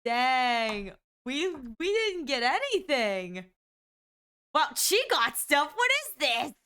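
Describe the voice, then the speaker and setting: A woman live-streaming, chatting casually to her viewers with excitable exclamations and frequent giggles. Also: sits high, slow pace, clear, resonant tone.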